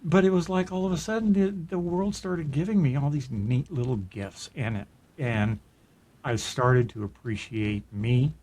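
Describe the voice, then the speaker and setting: Middle-aged male podcast host, earnest and reflective, mid-pitched, casual storytelling. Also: moderate pace, darkish tone. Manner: earnest and reflective, with frequent restarts. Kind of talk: personal storytelling in casual chat.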